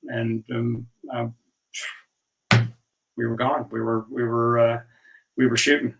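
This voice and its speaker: A man's voice: medium pitch, little pitch movement, slow, creaky, dull audio, a little hiss or hum. A middle-aged actor telling stories in a casual interview, acting out the lines of people he quotes. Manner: easygoing storyteller, acts out dialogue. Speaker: actor guest. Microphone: video call. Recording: distant video call mic.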